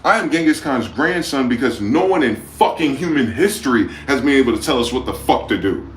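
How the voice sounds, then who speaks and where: A man in his forties hosting a livestream, ranting with heated outbursts that drop to low mutters. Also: expressive, a little fast. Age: 40s. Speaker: livestream host. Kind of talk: profane rant. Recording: echoey room with faint background noise.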